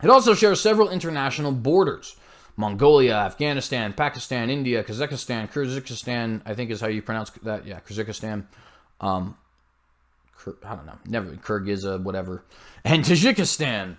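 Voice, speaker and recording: A man's voice: medium pitch, expressive, a little fast. A man hosting a commentary show, reading news aloud with blunt, scornful asides and frequent slips and self-corrections.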